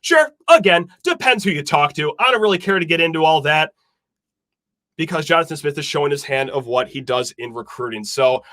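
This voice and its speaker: A man's voice: on the high side, animated, a little fast, a bit bright, no room sound, studio quality. A man hosting a sports podcast, talking in an emphatic, fired-up way straight to his listeners. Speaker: podcast host. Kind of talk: animated sports podcast talk.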